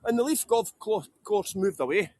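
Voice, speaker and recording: Walking through town streets on a live stream, a man from Scotland guides viewers on a tour, jokey and chatty, welcoming people by name. He speaks at a moderate pace in a high, animated, slightly mellow voice.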